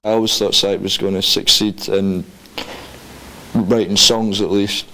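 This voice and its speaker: A man from a band talking casually in an interview, relaxed and hesitant, with dry humor. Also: lowish voice, a little slow, poor audio. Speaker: band member.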